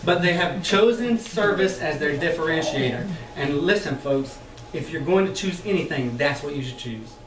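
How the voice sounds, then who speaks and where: A man leading a sales training session for a live group, talking in a lively, chatty way, laughing often and acting out the voices he quotes. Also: a little high, moderate pace, a crowd in the background. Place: meeting room with an audience. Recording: echoey room, mic far off.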